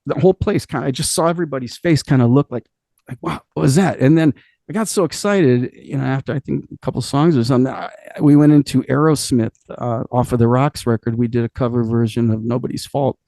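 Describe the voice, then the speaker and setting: A middle-aged rock singer from Cleveland, spinning stories in a loose, profane way and laughing as he goes. His voice is gravelly with a warm, dark tone. The sound is dry and close, with no room echo. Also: mid-range voice, fast talker. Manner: animated, profane, laughs often while telling stories. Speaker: rock singer, interview guest. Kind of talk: casual interview storytelling.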